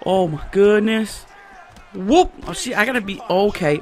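Loud excitable man gaming commentary. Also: high voice, moderate pace. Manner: loud yelps, shouts and trash talk. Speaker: gaming YouTuber. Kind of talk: excited live gameplay commentary.

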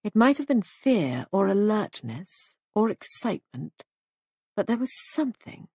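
A woman narrating a mystery audiobook in a measured storytelling manner, recorded close to the mic. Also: medium pitch, very animated, warm tone, slightly rough, no echo.

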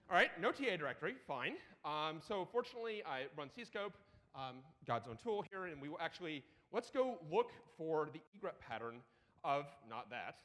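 A man giving a live lightning talk at a conference while demoing a terminal, excitable and profane, with rapid asides. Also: sits high. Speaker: conference speaker. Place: conference hall. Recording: reverberant conference hall.

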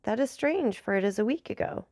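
A woman voicing an aloof, commanding nobleman in a formal, measured storybook reading. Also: on the high side, animated, a little mellow, no echo, clean studio sound, close to an everyday voice.

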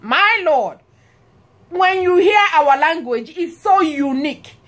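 A woman from Nigeria with a Nigerian accent, talking casually to her viewers in an animated, exclamatory way, often breaking into laughter. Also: very high voice, slow. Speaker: vlogger. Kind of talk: casual talk to camera.

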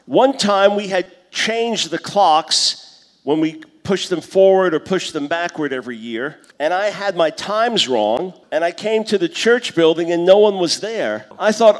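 A man in his fifties giving a conference lecture on scripture, teaching in a lively way and acting out the voices he quotes. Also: sits high, measured pace. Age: 50s. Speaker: conference speaker. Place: conference hall. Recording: long hall reverb.

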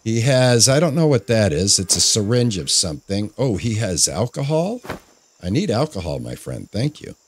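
A man giving casual play-by-play on a game, his pitch swinging up and down in an animated way. He chats and jokes as he goes, talking to himself and to the characters on screen. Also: normal speed, a little hiss or hum. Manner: chatty, jokey, talks to himself and the characters. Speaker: gamer playing through a farming game. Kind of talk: casual gameplay commentary.

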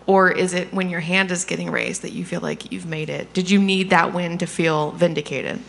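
Female interviewer, hesitant and soft-spoken, fry in the voice, long reverb. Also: on the low side, steady tone, normal speed, few pauses. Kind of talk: interview questions.

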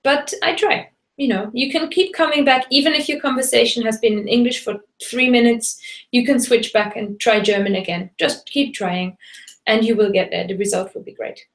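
A woman's voice: on the high side, steady tone, moderate pace. Chatty woman teaching German, roomy sound. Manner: switches between German and English, chatty with fillers. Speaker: German teacher hosting a webinar. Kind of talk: live bilingual webinar teaching. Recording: roomy echo.

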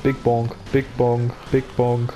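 Monotone man with a German accent. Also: mid-range voice, slow pace, dull audio, soft background music. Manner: flat monotone, joking to himself. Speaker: gameplay commentator. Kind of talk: casual gaming commentary. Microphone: basic microphone.

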